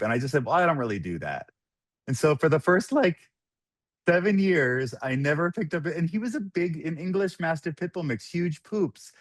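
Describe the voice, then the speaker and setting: A man in his thirties, a podcast guest telling sober-life stories in casual talk, animated and laughing often as he quotes others. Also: a little high, no echo, studio quality. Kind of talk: casual storytelling.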